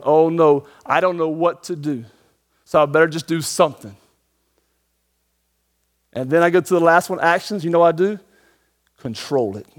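A man preaching a sermon as pastor, moving between emphatic and hushed moments and slowing down to read scripture. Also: a little high. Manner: dynamic preaching, swings from emphatic to hushed, slow scripture reading.

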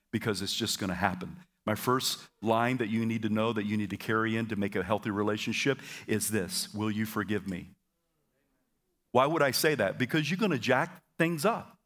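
A man preaching a sermon to his congregation, energetic and having them repeat phrases back to him, with stammered repeats and quick asides. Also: medium pitch. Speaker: pastor. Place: church auditorium.

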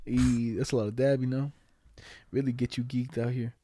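A man's voice: medium pitch, flat delivery, normal speed, mellow, a little hiss or hum. A young man telling a rambling story in casual chat, heavy on slang and swearing.

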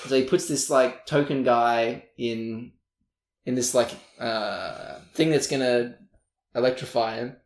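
A man's voice: medium pitch, slow. A man co-hosting a podcast in casual chat, rambling with lots of filler words and laughing often. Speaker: podcast co-host. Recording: roomy echo.

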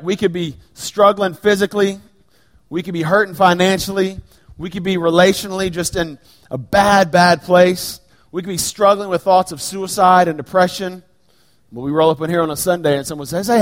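A middle-aged man preaching a sermon in a church sanctuary, dropping to hushed, slow lines and then rising to loud, raised bursts. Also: sits high. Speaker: pastor. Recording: long reverb of a large hall.

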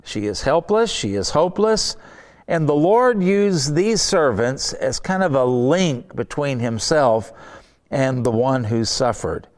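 A man's voice: animated, takes it slowly. A middle-aged man preaching a sermon, reading scripture aloud and urging his listeners on with earnest emphasis. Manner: earnest, emphatic, rises in pitch when urging.

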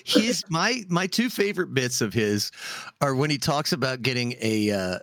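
A man co-hosting a podcast with a bright, forceful voice that sounds very dry and close to the mic. He chats casually and acts out comedy bits in animated retellings. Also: medium pitch, moderate pace, dry recording. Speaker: podcast co-host. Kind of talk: casual chat.

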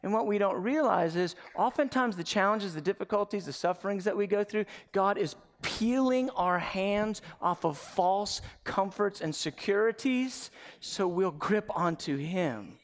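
A man preaching a lively sermon with humor and quick asides. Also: high voice, big-room sound. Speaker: pastor.

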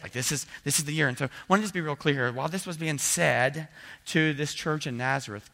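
A pastor with a mid-range, fairly bright voice gives a conversational sermon at church using a handheld mic, quoting the doubts his listeners might hold.

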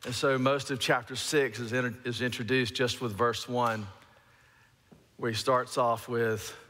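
Bright-voiced pastor preaching in a hall. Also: male voice, mid-range voice, unhurried, a little hiss or hum. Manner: storytelling with lively shouted re-enactments. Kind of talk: sermon.

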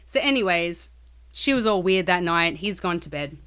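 A woman's voice: lowish voice, moderate pace, clear, resonant tone. Profane storytelling woman. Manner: profane, animated retelling with acted quotes. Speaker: podcast co-host. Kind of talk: casual storytelling chat.

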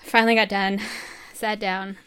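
A woman's voice: mid-range voice, flat delivery, unhurried, bright, forceful tone, clean tone. A young woman from New Mexico, a medical student, casually telling her own story in a rambling way, laughing often and acting out what people said.

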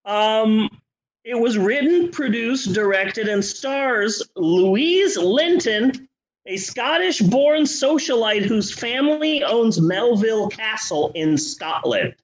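A man co-hosting a comedy movie-review podcast, talking in a profane, sarcastic, animated way. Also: high voice, slow, rough recording. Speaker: podcast co-host.

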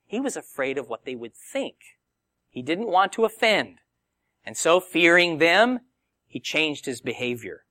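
A male preacher whose lively voice swoops widely in pitch, set fairly high for a man. He teaches in a conversational, animated way and speaks close to a dry microphone with no room sound. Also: a little slow, dry recording. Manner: animated, conversational Bible teaching with acted quotes. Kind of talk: sermon.

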